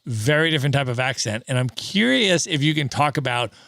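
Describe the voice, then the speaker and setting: A man's voice: medium pitch, animated, brisk, vocal fry, fairly bright tone, dry recording, studio quality. A man hosting a travel podcast, asking long, enthusiastic interview questions. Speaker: podcast host.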